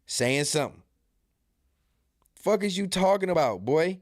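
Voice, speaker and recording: A man's voice: high voice, animated, a little slow, long pauses, no room sound, clean studio sound. A man hosting a live stream, talking casually in loose, profane slang and trading insults. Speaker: live stream host reacting to clips.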